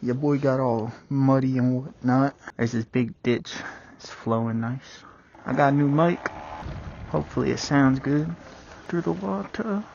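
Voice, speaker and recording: The young vlogger's voice is gravelly and medium-pitched, with a steady tone and measured pace, as he rides a dirt bike outdoors on country roads. He chats casually, swearing and calling the viewer bro and dude; a small wireless clip-on mic captures muffled lo-fi audio with loud wind and road noise.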